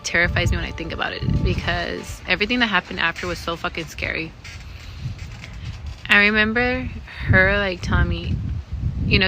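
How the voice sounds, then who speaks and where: Over a music bed, a young woman with a lowish voice tells a frightening personal ghost story, rambling casually and swearing a lot as she relives her fear. The recording quality is low.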